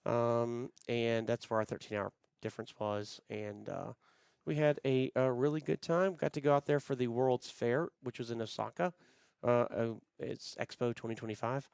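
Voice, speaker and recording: A man with a smooth, clear voice talks in relaxed podcast chat, wandering through his stories with plenty of ums and uhs. The sound is close and dry, with no room behind him. He comes across as middle-aged and easygoing. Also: medium pitch, moderate pace, no echo. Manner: rambling, frequent fillers, friendly storytelling. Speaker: podcast co-host. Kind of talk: casual chat.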